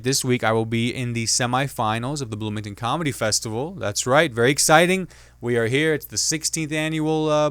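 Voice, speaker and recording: A man hosting his own comedy commentary show, talking casually and jokingly, slipping into quick impressions of other people. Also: mid-range voice, a bit bright, clean tone, no room sound. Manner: chatty, jokey, mimics others in quick asides. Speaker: podcast host and comedian.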